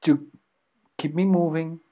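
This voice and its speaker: Halting, animated male podcast co-host. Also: a little high. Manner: animated, hesitant with many ums and restarts. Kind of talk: casual conversation.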